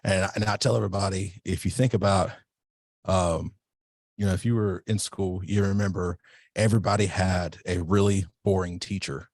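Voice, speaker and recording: Very deep-voiced self-defense instructor. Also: male voice, normal speed, no room sound, clean studio sound. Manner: relaxed, rambling, self-correcting. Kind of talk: casual podcast interview.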